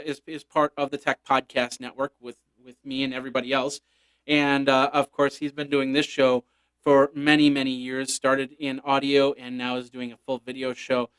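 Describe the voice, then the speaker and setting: A man's voice: mid-range voice, fairly bright tone. A man hosting a tech news podcast, reading a sponsor spot and chatting through geek stories with playful, rambling asides. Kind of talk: casual solo news chat with ad read.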